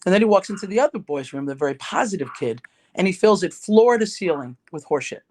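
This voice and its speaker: A middle-aged woman, a ghostwriter and speaker, telling an anecdote as a podcast guest in an animated, conversational way. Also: lowish voice, fast talker. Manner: animated, conversational storyteller with restarts. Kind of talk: told anecdote and podcast chat.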